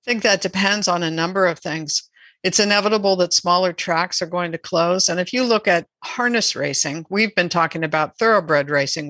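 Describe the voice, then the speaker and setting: Bright-voiced woman explaining earnestly. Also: low voice, no room sound. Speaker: animal rights advocate guest. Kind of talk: podcast interview.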